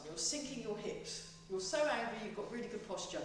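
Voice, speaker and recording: A woman guides a tai chi class, counting the breaths in and out and slipping in jokes. Her voice sits at a middle pitch and sounds distant from the mic. It rings around a very echoey room. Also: big pitch swings, normal speed, hardly any pauses, slight background noise. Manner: playful, joking, cueing breaths. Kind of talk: teaching a class, guiding breathing.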